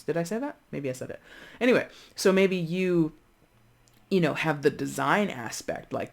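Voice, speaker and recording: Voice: mid-range voice, gravelly. A chatty tarot reader giving a casual reading to viewers, rambling and searching for words aloud, often checking in with "okay?". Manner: addresses viewers directly, frequent "okay?".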